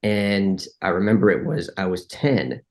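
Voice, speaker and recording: A man with a fairly low voice talks through ideas in a relaxed interview. He often restarts his sentences and acts out little bits of inner dialogue along the way. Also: unhurried. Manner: frequent restarts and filler likes. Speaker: podcast guest. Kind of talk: conversational interview.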